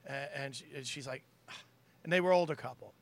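A man's voice: moderate pace, creaky. A middle-aged man, a comedian, telling stories and jokes in casual chat and acting out the quotes. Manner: storytelling, acts out quotes in a lowered voice.

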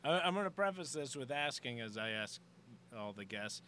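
A man's voice: medium pitch, lively intonation, moderate pace, sharp tone. A man hosting a podcast, chatting casually and laughing often. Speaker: podcast host.

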